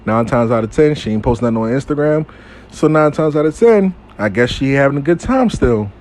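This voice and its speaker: A man telling a casual storytime monologue, animated and profane, acting out what people said. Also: mid-range voice, a little fast.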